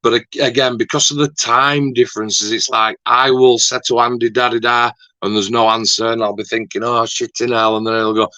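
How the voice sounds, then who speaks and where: A man's voice: mid-range voice, level tone, brisk, hardly any pauses, sharp tone, dry recording. A man, hosting a rambling, casual chat and swearing lightly now and then. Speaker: YouTube host. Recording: dull lo-fi dry sound.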